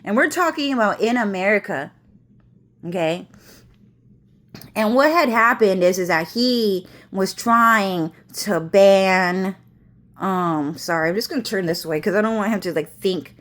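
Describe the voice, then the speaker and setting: A woman's voice: mid-range voice, unhurried, fairly bright tone. A woman vlogging from home, ranting to camera in a rambling, agitated way with constant swearing and repetition.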